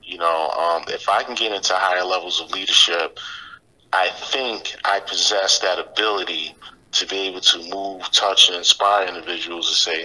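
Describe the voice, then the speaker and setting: A man's voice: low-pitched, fairly even intonation, normal speed, sharp tone, low-quality recording. A middle-aged man speaking as a podcast guest, reflective and motivational, with frequent filler phrases. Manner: reflective, motivational, many "you know" fillers. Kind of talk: casual interview talk.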